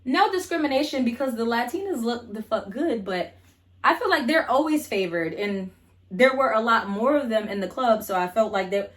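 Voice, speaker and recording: A woman's voice: fairly high pitch, expressive, moderate pace. A young adult woman vlogger telling a casual storytime, blunt and profane, chatty with lots of fillers.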